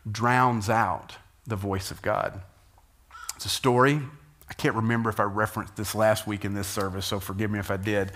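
Animated man preaching a sermon. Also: medium pitch. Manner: animated storytelling, rising to loud emphasis and dropping to quiet asides. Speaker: pastor.

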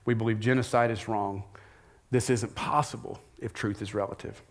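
A man's voice: on the low side, fairly even intonation, moderate pace. A middle-aged male pastor preaching a sermon in a conversational way, often asking rhetorical questions.

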